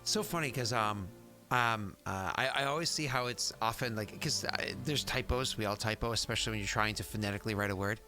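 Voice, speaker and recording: A man's voice: lowish voice, fairly quick, bright, forceful tone, faint music behind. A man in his thirties, the game master, who chats casually, rambles and fills his talk with fillers and restarts. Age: 30s. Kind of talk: casual tabletop game chat and in-character speech.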